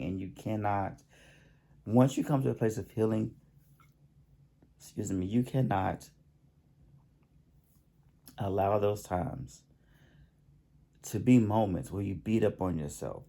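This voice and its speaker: A man giving a spiritual healing talk to the camera, halting and repeating himself, often pausing to excuse himself and yawn. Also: lowish voice, gravelly, dark tone. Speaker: self-help channel host.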